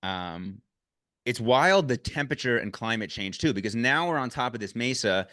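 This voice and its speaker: Male podcast host, mid-pitched, animated storyteller with sudden excited jumps, dry recording. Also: normal speed, no room sound. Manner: excitable, swears, bursts up in pitch when excited. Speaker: podcast host recapping a race. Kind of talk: casual chat.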